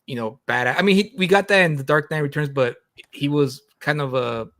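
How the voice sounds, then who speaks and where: A man's voice: a little high, a little fast, no echo, clean studio sound. A man hosting a live stream, chatting casually with restarts and easy laughter. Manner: relaxed, laughing, frequent restarts and fillers. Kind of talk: casual chat about comics.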